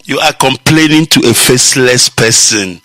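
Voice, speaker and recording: A man's voice: medium pitch, normal speed, pushed and bright, no echo, faint music behind. A man with a Nigerian accent, hosting a radio broadcast and delivering an impassioned, preachy monologue, mocking his listeners and laughing at his own jokes.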